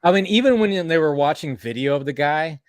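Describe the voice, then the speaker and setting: Excitable man chatting about films. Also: on the high side, brisk, crowd noise. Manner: excitable, swears, laughs often. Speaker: stream host. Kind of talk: casual film chat.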